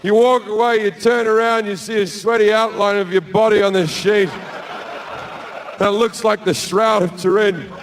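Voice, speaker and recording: A man doing crude, deadpan stand-up storytelling on stage with a handheld mic. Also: sits high, moderate pace, some chatter behind, a little hiss or hum. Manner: crude, deadpan storytelling with sudden loud bursts. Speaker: stand-up comedian. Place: stage before a live audience.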